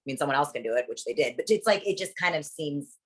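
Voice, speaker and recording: A young woman with a low, deep-set voice telling stories at a rapid clip. She is blunt and swears freely in a casual interview chat. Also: lively intonation, slightly rough. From lives in Las Vegas. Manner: blunt, profane storytelling. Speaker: interview guest.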